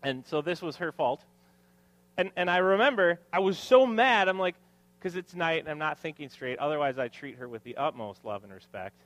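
A man's voice: fairly high pitch, lively intonation, normal speed, a bit bright. A man in his thirties preaching a sermon to his congregation, mixing scripture with joking, self-deprecating family stories. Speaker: pastor. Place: church hall with congregation.

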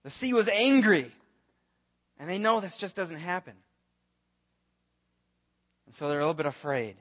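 A man preaching a sermon as pastor, telling the story in an earnest, animated way and acting out the voices of the people in it. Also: sits high, moderate pace.

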